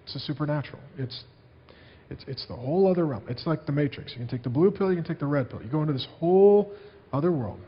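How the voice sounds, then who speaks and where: A man preaching from the pulpit in a fairly high voice, earnest and storytelling as he speaks to his congregation. The sound comes from a dull, lo-fi archive recording of the sermon. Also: expressive, quick pace, long reverb tail. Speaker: pastor.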